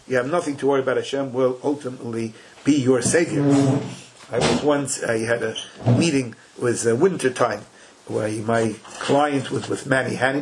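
A man's voice: mid-range voice, noisy background. An older man teaching a Torah class in casual English full of Hebrew and Yiddish terms, telling stories with folksy asides. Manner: animated, folksy retelling with asides.

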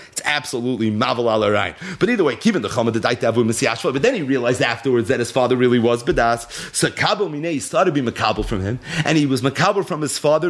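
A man teaching a Talmud lecture. He reads Aramaic text aloud, then translates it and tells the story with animated energy. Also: mid-range voice. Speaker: Torah teacher.

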